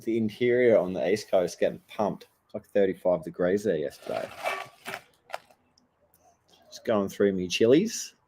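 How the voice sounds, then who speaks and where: Laid-back Australian man, low mellow voice. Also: lively intonation, a little slow, pauses often, slight background noise. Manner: laid-back, heavy swearing, slangy storytelling. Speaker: vlogger. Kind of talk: casual chat to viewers.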